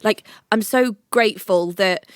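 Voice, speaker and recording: A woman's voice: mid-range voice, a little slow, smooth, no room sound, studio quality. A young woman on a podcast, reassuring and protective toward her best friend, emotional and sweary. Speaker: podcast co-host. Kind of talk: emotional supportive chat.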